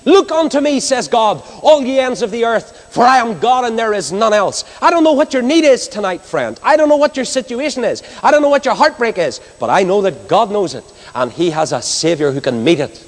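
A man preaching an impassioned evangelistic sermon, swinging from loud exclamations to hushed storytelling. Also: high-pitched, sing-song, brisk, few pauses. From Northern Ireland. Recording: long hall reverb.

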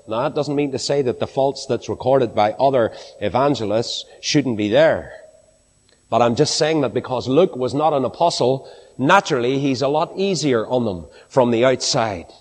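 Lively preaching man in a reverberant hall. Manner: animated, swinging from high exclamations to low hushed lines. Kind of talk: sermon.

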